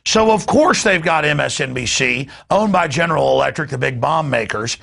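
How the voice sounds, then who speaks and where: A man's voice: a little high, lively intonation, moderate pace, vocal fry, a bit bright. A man hosting a talk show, delivering an emphatic and indignant political rant. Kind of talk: ranting political commentary.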